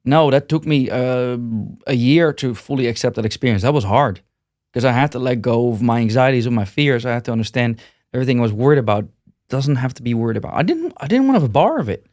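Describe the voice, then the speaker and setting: A man's voice: mid-range voice, expressive, fast, darkish tone, no echo, clean studio sound. A man talking as a podcast guest, in a loose, rambling way with frequent restarts and repeated words. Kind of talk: casual interview conversation.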